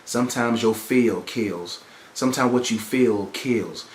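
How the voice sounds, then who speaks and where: A man's voice: medium pitch, measured pace. A man hosting a podcast, giving motivational relationship advice in a preachy way and repeating phrases for emphasis. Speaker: podcast host. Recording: echoey room.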